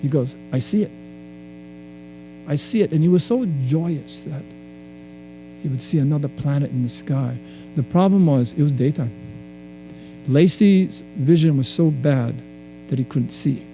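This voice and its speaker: Male speaker on stage, warm dark tone, reflective storyteller who restarts often. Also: fairly high pitch, unhurried, pauses often, slight background noise, rough recording. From Hawaii. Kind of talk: storytelling lecture.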